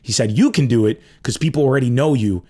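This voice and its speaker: A fast-talking man hosts a comedy podcast, riffing in an emphatic, profane monologue that swings between loud bursts and low asides.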